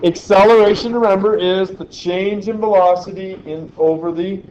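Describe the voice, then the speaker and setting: A man's voice: sits high, fairly even intonation, normal speed, darkish tone, dull audio. A man teaching a physics lesson in a classroom, quizzing the class as he goes. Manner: chatty, asks the class questions. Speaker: science teacher.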